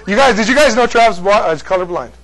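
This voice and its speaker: Male Bible teacher, higher voice, loose and chatty with the class. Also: expressive, fast talker, fairly bright tone, rough recording. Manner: chatty, jokey asides to the class.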